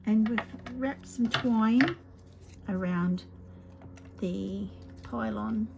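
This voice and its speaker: Brief: woman craft demonstrator, chatty, slips into soft half-whispers, noisy home recording. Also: on the high side, very slow, creaky. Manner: chatty, often drops to a soft half-whisper while working. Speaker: papercraft demonstrator.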